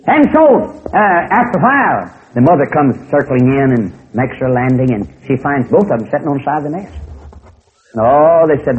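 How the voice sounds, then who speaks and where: A preacher tells a folksy story in a lively, repeating rhythm. His voice sits in an ordinary middle pitch. The sound is thin and narrow, like a phone line. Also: normal speed. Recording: tinny phone-like recording.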